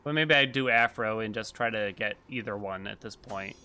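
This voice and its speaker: A man's voice: fairly low pitch, normal speed, pushed and bright, slight background noise. A man streaming a game, chatting casually and reacting aloud as he plays. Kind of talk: casual gameplay commentary.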